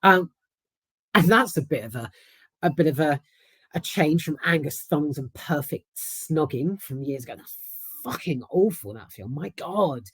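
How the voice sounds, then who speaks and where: A woman's voice: low-pitched, expressive, measured pace, slightly rough, no echo. A woman with a London accent, casually giving a candid, swear-filled film review. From South London. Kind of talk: casual chat.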